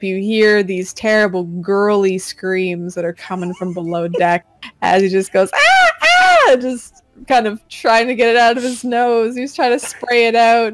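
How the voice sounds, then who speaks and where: A woman running a tabletop pirate game, narrating casually with halting pauses. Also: on the high side, dry recording. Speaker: game master.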